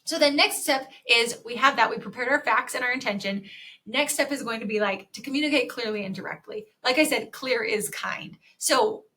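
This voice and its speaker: Woman podcast host, bright voice, a little high, chatty and energetic coaching. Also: moderate pace. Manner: energetic, chatty, acts out sample dialogue. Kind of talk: solo podcast teaching talk.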